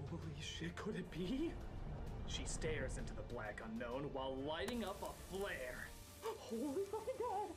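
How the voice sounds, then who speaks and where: A man giving a comedic film review, yelling manically and swearing. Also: fairly high pitch, big pitch swings, a little slow, music in the background.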